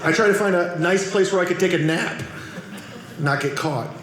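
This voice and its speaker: A man's voice: high voice, moderate pace. A man doing a stand-up comedy set on a club stage, telling punchy, self-deprecating stories. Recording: echoey club with audience noise.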